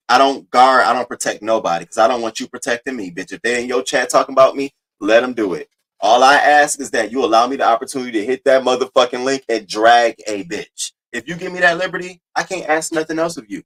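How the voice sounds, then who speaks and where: A man hosting his own livestream talks straight to his viewers in a blunt, casual, profane way. His voice sits in an ordinary middle pitch, and he swings between low muttering and loud, animated outbursts. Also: low-quality recording. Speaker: livestream host.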